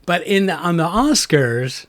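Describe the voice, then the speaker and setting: A man's voice: high voice, big pitch swings, a little slow. A man co-hosting a movie review podcast, talking in a rambling casual way with lots of restarts. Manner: rambling, many restarts and fillers. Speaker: podcast co-host.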